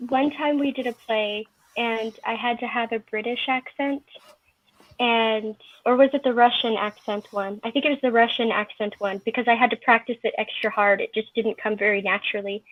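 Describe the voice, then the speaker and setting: A woman chatting casually on a panel, telling stories in a lively, talkative way. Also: a little high, moderate pace, dry recording. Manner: chatty, storytelling. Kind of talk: casual chat. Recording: tinny phone-like online call audio.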